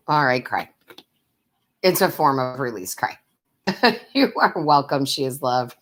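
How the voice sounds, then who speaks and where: A woman's voice: extremely low pitch, animated, unhurried, long pauses, a bit bright. A woman giving tarot readings on a live stream, who chats with her viewers, calls them love and sweetheart, and laughs often. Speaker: tarot reader and medium.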